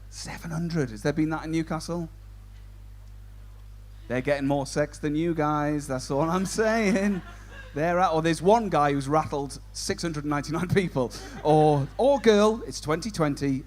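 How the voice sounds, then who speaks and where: A man compering a stand-up comedy show, doing cheeky banter with the audience. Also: a little high. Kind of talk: crowd work stand-up.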